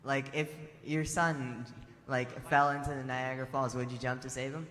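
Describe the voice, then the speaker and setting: A man's voice: mid-range voice, level tone, moderate pace, a bit bright. A man telling a spiritual story to a temple assembly in a casual way, full of fillers and restarts. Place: large temple assembly hall. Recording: long reverb hall.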